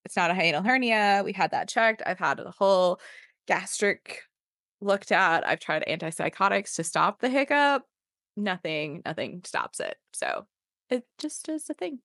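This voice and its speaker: A woman's voice: mid-range voice, sing-song, a little slow, a bit bright, no room sound. Chatty woman podcast co-host, dry sound. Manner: chatty, many fillers and laughs. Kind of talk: casual chat. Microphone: remote video call.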